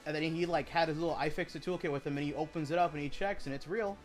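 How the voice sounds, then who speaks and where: A man's voice: on the high side, steady tone, rapid-fire, soft background music. A man chatting casually while he streams a video game, rambling and swearing as he retells stories.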